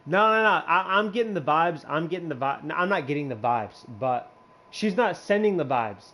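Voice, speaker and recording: A man's voice: fairly high pitch, expressive, normal speed, sharp tone. A young man telling a crude story in casual chat, rambling with many fillers and restarts and laughing often. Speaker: regular in a hangout show.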